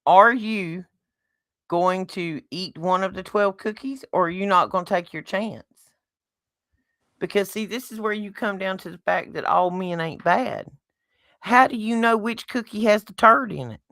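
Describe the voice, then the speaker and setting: A woman's voice: mid-range voice, moderate pace, fairly bright tone, dry recording, clean studio sound. A middle-aged woman with a Southern US accent, co-hosting a casual chat and making her points bluntly with folksy, homespun analogies. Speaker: podcast co-host.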